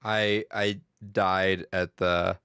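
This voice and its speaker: A man's voice: sits low, level tone, pushed and bright, clear, resonant tone, no room sound, clean studio sound. A young man co-hosting a casual talk show, rambling, laughing often and swearing as he retells scenes. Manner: loose, laughing, swearing, quick impressions. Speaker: podcast co-host. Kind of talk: casual chat.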